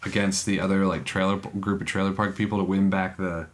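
A man co-hosting a podcast in casual chat, rambling and halting, often breaking into laughs. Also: low-pitched, flat delivery, a little hiss or hum. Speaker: podcast co-host.

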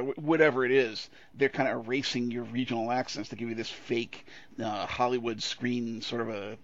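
A man co-hosting a podcast in casual chat, animated and profane, breaking into quick put-on voices as he jokes. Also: medium pitch, no room sound. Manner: animated, profane, puts on voices when joking. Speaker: podcast co-host. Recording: dull lo-fi sound.

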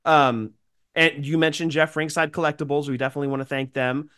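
A man's voice: on the high side, steady tone, brisk, a bit bright, smooth. A man co-hosting a podcast, sick with a cold and sounding nasal, chatting in a rambling, grateful way. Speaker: podcast co-host. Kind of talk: casual chat.

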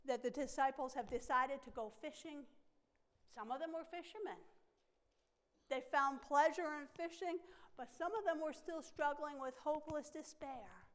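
A woman's voice: on the high side, a bit bright. A woman pastor preaching a sermon, stressing her points by repeating phrases.

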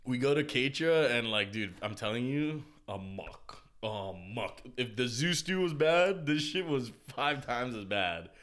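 A young man in casual chat, excitable and profane, often laughing. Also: mid-range voice, a little slow, few pauses. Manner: excitable, swearing, laughing a lot.

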